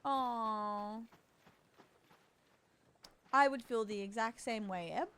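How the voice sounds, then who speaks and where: A woman's voice: a little high, takes it slowly, a bit bright, clean tone. A woman livestreaming a game, chatting casually and reassuringly with her viewers. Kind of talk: casual gaming stream chat.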